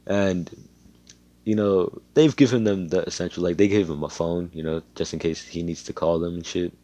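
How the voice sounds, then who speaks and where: A man's voice: low-pitched, steady tone, moderate pace, mellow, no echo. A young man telling a fan story in a casual, rambling way, swearing often and leaning on fillers. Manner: rambling, profane, full of fillers.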